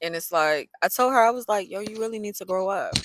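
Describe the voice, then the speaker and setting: A woman, telling a story in a casual vlog, sassy and animated. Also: medium pitch, fast, dry recording, low-quality recording. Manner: animated, sassy, loose colloquial talk.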